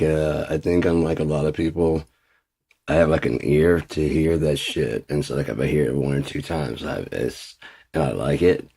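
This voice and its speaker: A man's voice: very deep voice, vocal fry, a little mellow, husky. A man vlogging in a rambling, profane, casual monologue, laughing often at his own stories.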